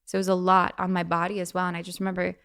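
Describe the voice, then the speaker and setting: A woman's voice: fairly low pitch, completely flat delivery, a bit bright, smooth. Chatty young woman telling stories. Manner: chatty, frequent fillers, quick laughs, acts out quoted voices. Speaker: podcast guest. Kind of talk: casual storytelling.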